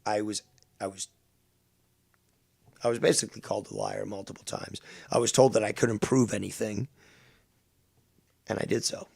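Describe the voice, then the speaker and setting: A male streamer with a low, heavily gravelly voice, full of fry. He talks bluntly and sarcastically and swears freely while defending himself. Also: fairly even intonation, normal speed, long pauses, darkish tone. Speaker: streamer and host. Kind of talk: live stream commentary.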